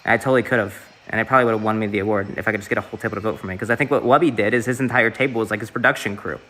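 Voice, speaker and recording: A man's voice: lowish voice, fairly even intonation, rapid-fire, sharp tone. A young man from the Southeast US, streaming and chatting casually in a rambling way, with lots of fillers and swearing.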